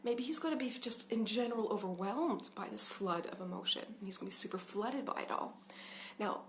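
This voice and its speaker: A woman's voice: mid-range voice, brisk, a little hiss or hum. A woman in her thirties, a parenting coach, talking earnestly and casually with lots of fillers and little laughs. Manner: earnest, chatty, laughs often, many fillers. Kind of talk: casual talking-head advice.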